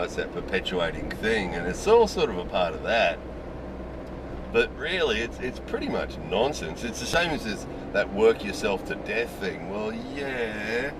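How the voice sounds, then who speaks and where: Background noise surrounds the low voice of this video host, a middle-aged man with an Australian accent. He talks to camera in a casual, frank way, offering opinions in a loose ramble peppered with "you know."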